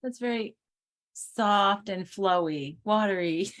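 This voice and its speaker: A woman co-hosting a casual spiritual talk over a video call, chatty, full of fillers, and quick to laugh. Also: mid-range voice. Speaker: co-host.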